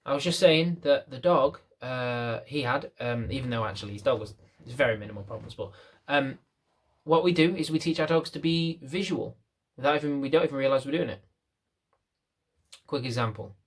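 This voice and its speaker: A man's voice: mid-range voice, normal speed. A man working as a dog trainer, explaining to camera in a chatty way, repeating phrases and acting out little scenes. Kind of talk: casual explainer talk to camera.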